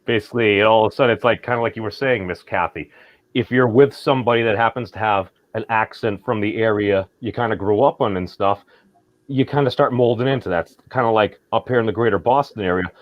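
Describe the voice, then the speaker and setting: A man's voice: lowish voice, fast talker, dry recording, lo-fi sound. A man from Massachusetts, chatting casually on a group stream, rambling with many fillers and restarts.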